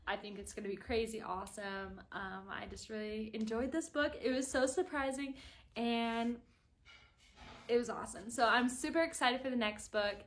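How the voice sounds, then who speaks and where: A woman talks straight to her viewers in a casual video review and gushes about a book she loved. Her voice sits fairly high. She tumbles from one thought to the next, packing her sentences with "like". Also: normal speed. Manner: gushing and chatty, with constant "like" fillers.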